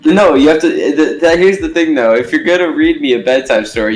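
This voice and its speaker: A man's voice: on the high side, lively intonation, normal speed, faint music behind. A man in a casual podcast chat, joking sarcastically and calling people dude. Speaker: podcast co-host.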